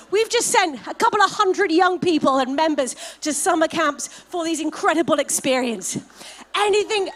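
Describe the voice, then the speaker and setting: A woman's voice: very high-pitched, fairly bright tone. A woman leading a live fundraising paddle raise at a gala, calling out donation amounts and heaping effusive praise on each donor. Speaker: fundraising auctioneer. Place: gala event hall.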